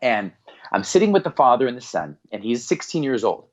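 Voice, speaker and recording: An earnest middle-aged man speaks as a podcast guest, telling a story with feeling and slipping into the voices of the people in it. His voice sits at a middle pitch. The audio is slightly muffled and lo-fi. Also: brisk. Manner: earnest, animated storyteller who acts out quoted voices. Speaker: podcast guest, performance psychologist.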